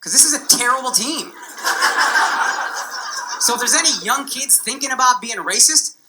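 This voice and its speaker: Male stand-up comedian, brash, profane, swinging lively delivery, loud noisy special audio. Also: very high-pitched, moderate pace. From United States. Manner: brash, profane, mocking punchlines. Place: comedy club stage with laughing audience.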